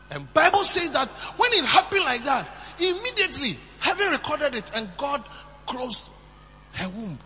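A man preaching a sermon, moving from soft asides to shouted emphasis. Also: sits high, sing-song, moderate pace. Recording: muffled, with long hall reverb and faint hum.

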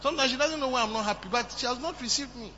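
A man preaching a sermon, moving from soft asides to shouted emphasis. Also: very high voice, very fast. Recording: muffled, with long hall reverb and faint hum.

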